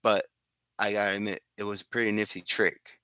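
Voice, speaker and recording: Rambling amateur storyteller, low voice with a bright edge, dry close sound. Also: male voice, level tone, brisk, clean tone, no room sound. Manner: rambling, with restarts and asides. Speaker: fan fiction storyteller. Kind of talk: improvised casual storytelling.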